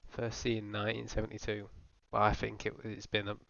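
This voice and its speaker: Low, flat-voiced guy ranting. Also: a little fast, vocal fry, slight background noise. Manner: profane, rambling, deadpan mock-earnest. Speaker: comedy video host. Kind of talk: mock-serious comedic rant over pictures. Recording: dull lo-fi voice-over with faint music.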